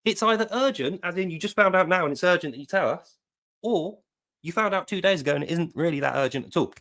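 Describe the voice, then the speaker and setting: A man's voice: high-pitched, animated, quick pace, fairly bright tone. Sarcastic man ranting. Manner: mocking, incredulous. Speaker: online commentator. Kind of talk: sarcastic commentary rant.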